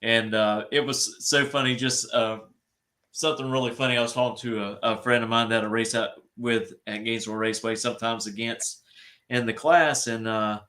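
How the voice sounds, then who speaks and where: A man with a drawl hosts a relaxed interview, chatting in an easygoing, folksy way. His voice has a bright, forward edge at a mid-range pitch. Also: brisk. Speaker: interview host. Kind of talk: casual interview chat.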